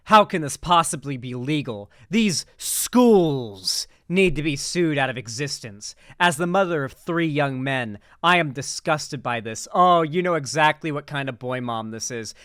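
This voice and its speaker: A man's voice: on the high side, lively intonation, measured pace, few pauses, a bit bright, clean tone, no echo, clean studio sound. A young man hosting political reaction commentary, talking in a sarcastic, rambling way.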